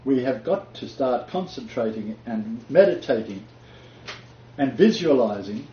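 A man's voice: medium pitch, expressive, a little slow, dark tone. A man leading a casual bible discussion, talking in an emphatic, preacherly way with frequent laughter. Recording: roomy, dull lo-fi recording with faint noise.

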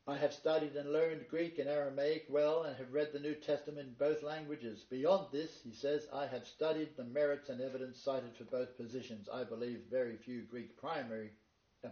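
A man delivers a sermon-style Bible lecture to a congregation, moving from read-out quotations to emphatic preaching. His voice is mellow and dark. It is captured from a distance in a dull, echoey room recording. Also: mid-range voice, fairly even intonation, fairly quick. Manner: reads long quotations, then emphatic preaching. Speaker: Bible teacher. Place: meeting room with a live congregation.

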